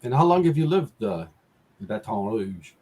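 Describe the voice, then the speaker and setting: A man's voice: fairly low pitch, very animated, moderate pace, darkish tone, husky, poor audio. A man in a casual podcast chat, teasing and asking pointed questions.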